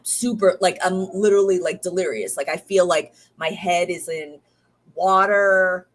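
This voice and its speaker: A woman's voice: lowish voice, measured pace. A woman in her thirties chatting casually diary-style, rambling with many fillers and restarts, tired and recovering from illness. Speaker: podcast host.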